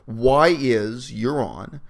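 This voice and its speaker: A man's voice: mid-range voice, drawn-out words, gravelly. A man casually reviewing a show with a co-host, opinionated and sarcastic, now and then slipping into mocking voices. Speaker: video reviewer. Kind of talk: casual analytical discussion.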